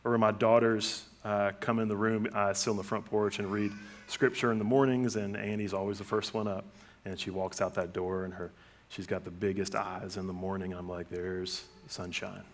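A middle-aged man preaching a sermon in a relaxed, conversational way, telling family stories and acting out what people say. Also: fairly low pitch, brisk, slight background noise. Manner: conversational storytelling with lively acted-out quotes. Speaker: pastor.

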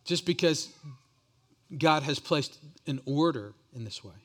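A pastor preaches in a voice pitched a little high for a man. He speaks earnestly, often repeating words as he builds each point. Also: lively intonation, measured pace. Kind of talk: sermon.

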